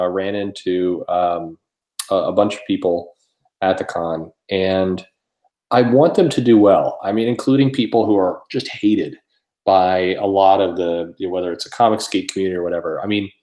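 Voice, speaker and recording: A man's voice: deep voice, warm tone, low-quality recording. A man hosting a casual podcast chat, ranting in exasperation with many restarts and blunt swearing. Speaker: show host.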